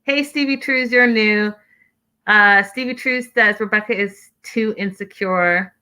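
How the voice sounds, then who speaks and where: Sassy bright-voiced woman recapping TV. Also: mid-range voice, clean tone. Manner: sassy, exasperated, rants and mimics people in quick put-on voices. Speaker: host. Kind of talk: reality TV recap chat.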